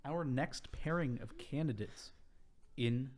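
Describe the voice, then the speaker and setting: A man's voice: mid-range voice, takes it slowly, darkish tone, a little hiss or hum. A young man hosting a casual podcast chat, reading a rundown with sarcastic, profane asides. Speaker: podcast host.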